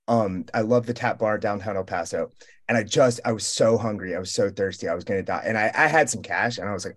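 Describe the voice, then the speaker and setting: Young guy, talkative roundtable guest, swears freely, rambles through an animated story. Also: fairly low pitch, quick pace. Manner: rambling, profane, animated storytelling with quoted dialogue. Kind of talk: casual storytelling.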